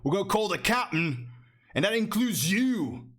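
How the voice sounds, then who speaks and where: A man's voice: high-pitched, sing-song, moderate pace, fairly bright tone, soft background music, voice pushed up, exaggerated voice. A man voicing a nervous male guard who barks orders while pretending to be brave. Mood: bossy. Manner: barking orders.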